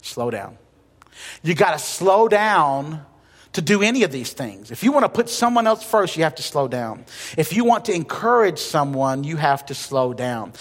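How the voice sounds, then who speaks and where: A man's voice: fairly high pitch, big pitch swings, moderate pace. Man preaching in a reverberant hall. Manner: conversational preaching with humor and emphatic repetition. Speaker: pastor. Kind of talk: sermon. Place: church sanctuary. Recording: long reverb of a church hall.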